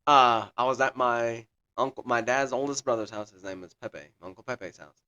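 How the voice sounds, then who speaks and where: A young adult man co-hosting a podcast chats casually and tells a long, rambling story full of swearing. His medium-pitched voice is bright and forceful at normal speed, though the recording is muffled.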